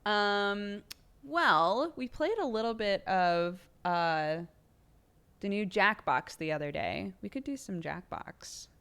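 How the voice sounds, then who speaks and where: A woman's voice: mid-range voice, animated, slow pace, a bit bright, clean tone. A young woman hosting a livestream in casual chat. She says "like" constantly and breaks into laughter often. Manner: chatty, laughs often, heavy use of "like". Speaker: livestream host.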